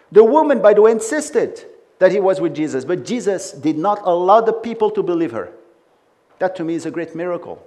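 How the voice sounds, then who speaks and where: A man's voice: high-pitched, a little mellow. A man preaching a sermon with emphatic delivery and frequent conversational asides.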